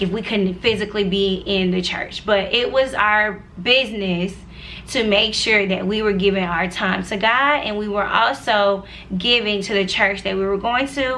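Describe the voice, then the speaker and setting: A woman's voice: mid-range voice, fairly bright tone, a little hiss or hum. A woman in her twenties telling her personal faith story to viewers in a chatty, earnest way, with many asides. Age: 20s. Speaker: vlogger sharing her faith testimony. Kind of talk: casual personal testimony.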